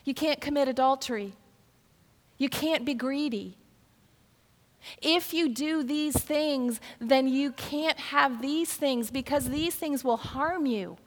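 A woman's voice: high voice, slow pace. An older woman preaching a sermon, telling a personal story and often repeating words as she restarts. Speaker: pastor. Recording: long reverb of a hall.

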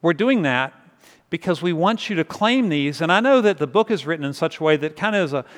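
A man's voice: a little high, expressive, a little fast. A male pastor preaching a sermon in a church sanctuary, telling stories in a conversational way and repeating words as he goes. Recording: long reverb of a large hall.

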